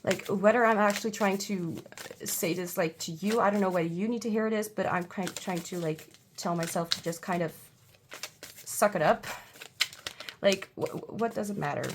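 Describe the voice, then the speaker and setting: A woman giving a casual pick-a-card tarot reading at home, halting and full of fillers, with blunt irritated outbursts. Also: medium pitch, noisy background. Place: home, seated.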